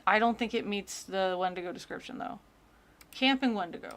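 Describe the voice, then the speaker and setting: Brief: woman streamer, casual rambling reaction chat, quick jokes. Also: medium pitch, a bit bright. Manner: chatty, joking, rambling asides.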